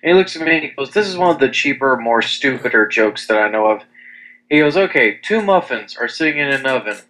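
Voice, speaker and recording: A man's voice: medium pitch, lively intonation, brisk, bright, forceful tone, low-quality recording. A young man in casual chat, telling rambling stories with lots of restarts and crude language. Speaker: podcast co-host.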